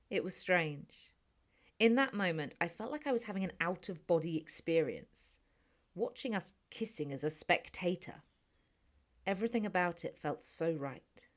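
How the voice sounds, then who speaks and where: A woman's voice: on the low side, animated, normal speed. A woman with a British accent narrating a first-person audiobook in a chatty, snarky, conversational manner.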